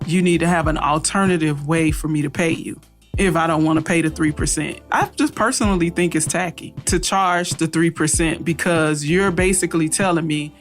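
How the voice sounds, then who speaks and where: A woman's voice: low voice, moderate pace, soft background music. Firm, practical woman podcast host. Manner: firm, practical, laughs easily. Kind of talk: casual advice chat.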